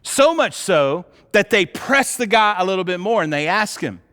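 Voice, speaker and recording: Male pastor, high voice, lively casual storytelling sermon, long church-hall reverb. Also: moderate pace. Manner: animated storytelling with casual slang. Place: church auditorium.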